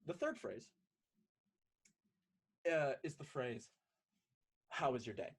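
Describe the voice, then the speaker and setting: Husky, animated man doing stand-up. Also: medium pitch, slow pace. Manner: animated, mock-exasperated, acts out dialogue. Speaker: stand-up comedian. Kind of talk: stand-up comedy set over a video call. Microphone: video call.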